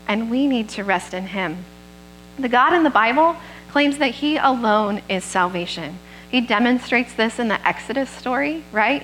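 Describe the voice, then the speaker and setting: A woman's voice: mid-range voice, a bit bright, poor audio. A woman gives a sermon at a church service, talking into a microphone. Her voice sits in a middle range, and she keeps it plain and conversational. She often stops to check in with the people listening. A faint hum runs underneath. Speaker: preacher.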